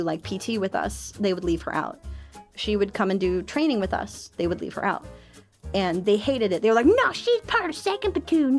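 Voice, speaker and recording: A woman's voice: medium pitch, darkish tone. A young woman streaming casual chat, bubbly and self-mocking, laughing often.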